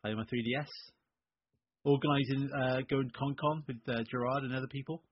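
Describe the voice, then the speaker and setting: A man's voice: medium pitch, steady tone, brisk, husky, dry recording. A man hosting a casual podcast, teasing his co-hosts. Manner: teasing, laughing. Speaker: podcast host. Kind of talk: casual chat. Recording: dull lo-fi sound.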